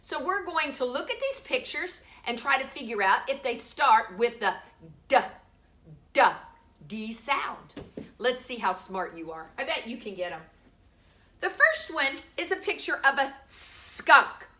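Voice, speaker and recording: A woman teaching preschoolers a phonics lesson from home, talking to the camera, sounding out letters slowly and with emphasis. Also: high voice, very animated, bright, forceful tone. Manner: slow, sing-song, sounds out letters with emphasis. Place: home room.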